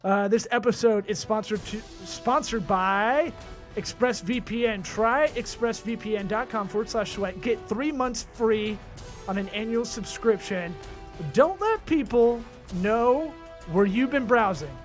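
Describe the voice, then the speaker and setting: Male podcast host, high voice, loud jokey ad reads, faint music bed. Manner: loud, joking, rapid-fire ad reading. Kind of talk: comedic podcast banter and ad reads.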